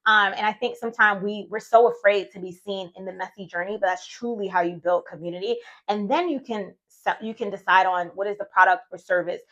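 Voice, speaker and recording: A woman's voice: medium pitch, fast talker, fairly bright tone, muffled recording. A woman in her thirties, a vlogger and retreat host, telling her own story in a chatty, heartfelt way and sometimes voicing her own past thoughts. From United States. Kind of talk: casual personal storytelling vlog.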